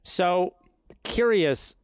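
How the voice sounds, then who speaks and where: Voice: mid-range voice, animated, very slow, clear, resonant tone, no room sound, studio quality. A player in a tabletop game, casual and hesitant, thinking aloud.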